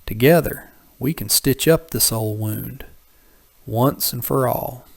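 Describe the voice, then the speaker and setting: A man voicing a crafty, smooth-talking middle-aged merchant in an audiobook, polite and persuasive. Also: mid-range voice, takes it slowly, darkish tone, no room sound. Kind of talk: audiobook character voice.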